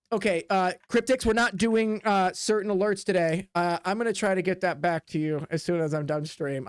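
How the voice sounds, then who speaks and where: Streaming as game master for a tabletop game, a man with a high voice narrates in a rambling way packed with filler, now and then dropping into quick voiced asides. The studio-quality audio has no room sound.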